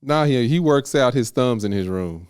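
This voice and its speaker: A man's voice: medium pitch, lively intonation, normal speed, a little mellow, clear, resonant tone, dry recording, clean studio sound. A man co-hosting a podcast, talking in a laid-back, wry and slangy way. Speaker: podcast co-host. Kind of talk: casual chat.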